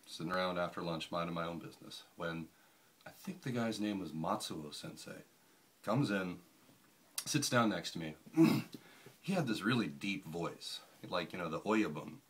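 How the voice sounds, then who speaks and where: A man casually telling a chatty, animated anecdote. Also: low voice, normal speed, husky. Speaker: storyteller.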